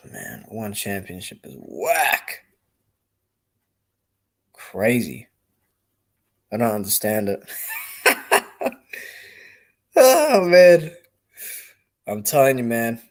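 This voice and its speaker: A man's voice: mid-range voice, sing-song, slow, pauses often, darkish tone. A young man giving casual, rambling live-stream commentary on boxing, blunt and swearing freely.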